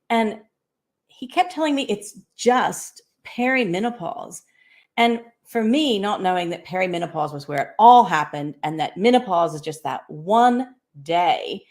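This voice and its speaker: A woman's voice: lowish voice, a little mellow. Upbeat American woman in her sixties. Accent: American with slight Australian tinge. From United States. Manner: upbeat, chatty, laughing. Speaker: guest entrepreneur. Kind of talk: interview storytelling.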